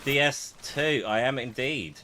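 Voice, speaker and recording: A man's voice: medium pitch, unhurried, background noise. Chatty man streaming a game. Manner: chatty, greets chat viewers, mutters while playing. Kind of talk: casual live-stream chat while gaming.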